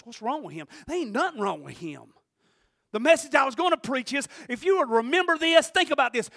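High-voiced preacher, loud and soft. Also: male voice, dry recording, clean studio sound. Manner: swings from loud shouting to quiet, low intensity; preaches with call-and-response asides to the congregation. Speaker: pastor. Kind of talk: sermon.

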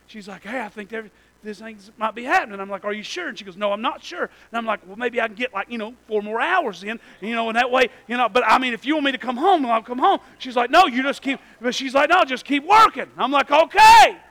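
A man, preaching a sermon in a church and telling a personal story that swings from hushed to shouting. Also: very high voice, fast, low-quality recording. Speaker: pastor.

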